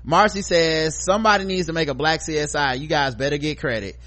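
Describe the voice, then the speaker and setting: A middle-aged man co-hosting a podcast, chatting casually and reading listener feedback, acting out stories with loud profane quotes. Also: fairly high pitch, a little fast. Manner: animated storyteller, profane, acts out quotes loudly. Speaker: podcast co-host.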